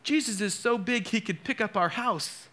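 A man's voice: high-pitched, moderate pace, bright, forceful tone, voice pushed up. A man voicing his four-year-old daughter, eager and proud, in a childlike sermon anecdote. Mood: excited.

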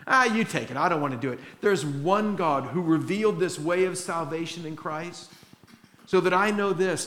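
A man's voice: on the high side, fairly bright tone, echoey room, slight background noise. A man preaching earnestly to a congregation, slipping into voices of doubters. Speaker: pastor. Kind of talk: sermon.

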